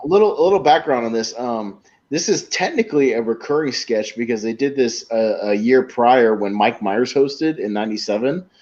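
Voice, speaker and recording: Laughing podcast co-host, lo-fi sound. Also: male voice, mid-range voice, moderate pace, few pauses. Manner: animated storyteller, acts out sketch quotes with laughter. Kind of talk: casual chat. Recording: dull lo-fi audio.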